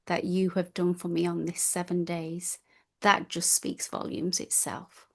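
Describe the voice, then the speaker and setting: Speaking at a measured pace with a fairly low, gravelly voice and flat delivery, a woman describes her time at a retreat in an interview. Her reflective answers come out heartfelt and gushing, full of restarts.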